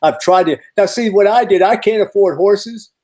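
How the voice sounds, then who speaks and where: A man on a podcast spins long, rambling weather stories, stumbling through restarts and bursting with energy. His voice sits a touch high and has a mellow, relaxed tone. He talks as a meteorologist sharing anecdotes. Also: moderate pace. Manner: rambling and animated, many restarts. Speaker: guest meteorologist. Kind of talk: casual podcast storytelling.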